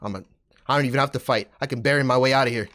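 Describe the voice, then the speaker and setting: A young man giving excitable, trash-talking commentary while playing a video game. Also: medium pitch, racing. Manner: excitable, trash-talking, swings from mumbling to shouting. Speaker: gaming YouTuber. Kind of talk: gameplay commentary.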